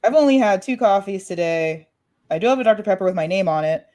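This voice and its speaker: A woman co-hosting a casual podcast chat, frank and wry, speaking quickly and swearing casually. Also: mid-range voice, expressive, warm tone, dry recording. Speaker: co-host.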